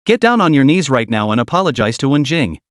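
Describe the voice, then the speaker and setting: A man's voice: mid-range voice, big pitch swings, quick pace, no echo, clean studio sound, close to an everyday voice. A man voicing an arrogant, bullying rich young man who sneers and scorns in a storybook reading. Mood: sneering.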